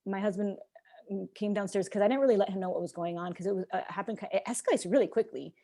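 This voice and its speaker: A young woman chats as a podcast guest, racing through a story at a quick clip. Her voice is warm and mellow rather than bright. She slips into the voices of the people she quotes and scatters fillers throughout. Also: medium pitch. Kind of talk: casual podcast conversation.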